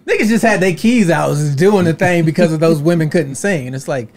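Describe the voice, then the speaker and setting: A man, a comedian guest, telling a story in casual chat with profane, animated delivery and acted-out quotes. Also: a little high, fairly quick.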